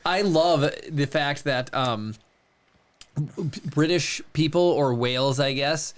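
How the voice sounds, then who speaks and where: A man's voice: on the high side, takes it slowly. A man co-hosting a podcast in casual chat, enthusiastic and gushing. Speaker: podcast co-host.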